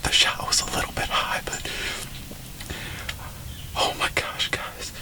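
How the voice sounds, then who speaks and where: Man whispering excitedly in a hunting blind. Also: measured pace, rough recording. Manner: hushed excited whisper, breathless and emotional. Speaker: bowhunting vlogger. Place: hunting blind outdoors in cold weather.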